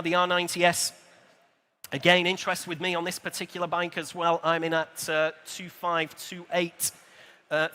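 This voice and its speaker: A man's voice: sits high, sharp tone. Man calling bids in a hall. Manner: brisk rhythmic bid calling with asides. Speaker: auctioneer. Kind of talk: live auction calling. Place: motor show sale room. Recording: reverberant large exhibition hall.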